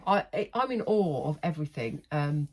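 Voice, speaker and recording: A woman's voice: deep voice, animated, normal speed, a little hiss or hum. A middle-aged woman, chatting casually and rambling in a haul vlog, laughing often. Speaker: haul vlogger.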